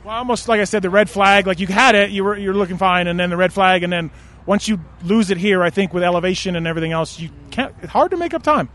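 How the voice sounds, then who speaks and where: A man interviewing racers after the race, asking questions in a joking, relaxed way outdoors at a race track. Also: high voice, quick pace.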